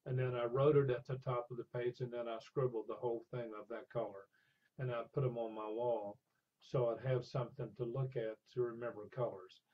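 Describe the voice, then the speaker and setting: A man's voice: mid-range voice, brisk, husky. An older man animatedly telling stories in an interview, acting out the people in his anecdotes. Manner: animated storyteller, acts out voices in anecdotes. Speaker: interview guest. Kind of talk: storytelling in a conversational interview. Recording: dull lo-fi sound.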